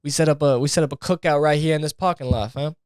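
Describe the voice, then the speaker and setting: A man's voice: a little high, fast, darkish tone, smooth, no room sound, studio quality, lightly acted. A man impersonating a friendly, generous male rapper who talks in loose street slang. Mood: hyped. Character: friendly generous male rapper, laid-back, offering food.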